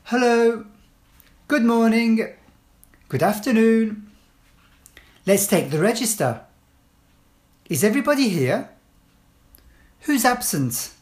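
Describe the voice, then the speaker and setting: Slow, lilting woman reading classroom phrases. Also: fairly high pitch, expressive, a little mellow. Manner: clear, deliberate phrase-by-phrase delivery. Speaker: language teacher. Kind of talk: slow read-aloud list of classroom phrases.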